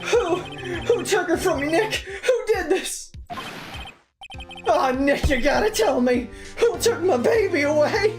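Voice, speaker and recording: A woman's voice: very high-pitched, lively intonation, music in the background, voice pushed up, exaggerated voice. A woman voicing a distraught young man, in a video-game play-through, who pleads and wails over his lost girlfriend. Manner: wailing, pleading, drawn-out.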